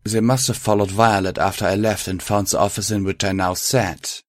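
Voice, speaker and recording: A man reading first-person fan fiction aloud in a measured, reflective manner. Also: sits low, fairly even intonation, no room sound, clean studio sound. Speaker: audiobook reader.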